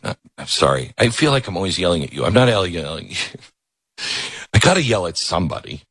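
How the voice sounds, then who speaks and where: A man's voice: sing-song, fairly quick, fairly bright tone, breathy edge, no room sound. A male talk show host ranting sarcastically and mocking his opponents in put-on voices, then reading an ad. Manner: sarcastic, ranting, mock voices, jumps high when mocking. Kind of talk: opinionated talk show monologue with host-read ad.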